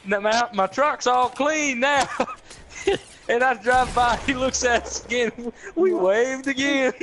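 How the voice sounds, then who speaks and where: A man's voice: very high voice, slow, noisy background. A young man telling a profane, laughing story to friends in a casual chat. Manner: profane, laughing, animated retelling with quoted voices.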